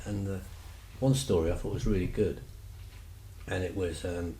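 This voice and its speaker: A man's voice: low-pitched, steady tone, normal speed, warm tone, roomy sound, a little hiss or hum, low-quality recording. A man telling stories casually, rambling and chatty with lots of fillers. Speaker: vlogger. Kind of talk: casual storytelling.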